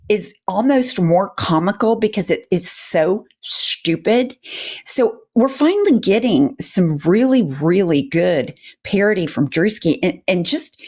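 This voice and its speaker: A husky-voiced woman with a fairly low pitch co-hosts a political commentary show. She talks with open indignation and swears freely. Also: darkish tone. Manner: indignant and profane. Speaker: co-host.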